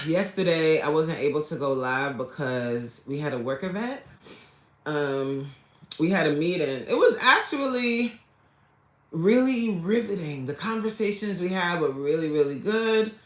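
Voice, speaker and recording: A woman's voice: deep voice, animated, unhurried. A woman hosting a casual livestream, chatting loosely and greeting viewers by name as she jokes along. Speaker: livestream host and coach. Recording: echoey room.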